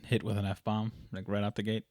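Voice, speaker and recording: A man's voice: on the low side, little pitch movement, a little fast, darkish tone, no echo, studio quality. A young man hosting a podcast, teasing his friend in easy, casual chat. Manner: easygoing, teasing. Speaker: podcast host.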